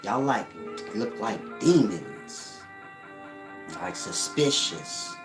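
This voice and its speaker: A man's voice: fairly low pitch, big pitch swings, drawn-out words. Laid-back joking man over music. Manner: joking, slangy, laughs often. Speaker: channel host. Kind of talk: casual spoken monologue.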